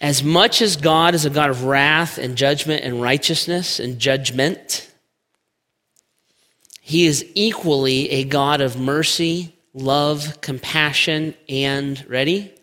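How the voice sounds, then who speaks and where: Bright-voiced preacher in a reverberant church. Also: male voice, a little high. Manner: emphatic, slows for weight on key words. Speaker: pastor. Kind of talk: sermon. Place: church sanctuary. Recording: long church hall reverb.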